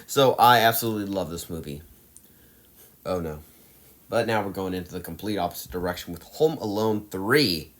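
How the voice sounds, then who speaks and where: A man's voice: sits low, expressive, normal speed. A young man talking casually as he ranks movies, ranting with emphatic exasperation and sighs. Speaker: movie reviewer. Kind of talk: casual ranking monologue.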